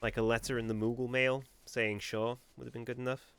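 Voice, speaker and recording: A man's voice: mid-range voice, level tone, fairly quick, a bit bright, clear, resonant tone. A young man chatting sarcastically while streaming a game, with faint music behind. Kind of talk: casual gaming commentary.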